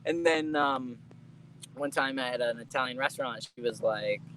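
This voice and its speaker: A young man talking as an interview guest, recounting family stories in a loose, chatty way. He laughs often and swears casually, with a voice of middling pitch. A faint hum of noise sits under the recording. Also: normal speed, a bit bright, rough recording.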